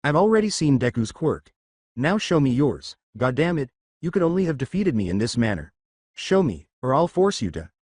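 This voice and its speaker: A man's voice: medium pitch, sing-song, normal speed, slightly rough, no room sound, clean studio sound. A man voicing a furious, hot-tempered teenage boy hero who demands answers. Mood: threatening. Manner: yelling, demanding.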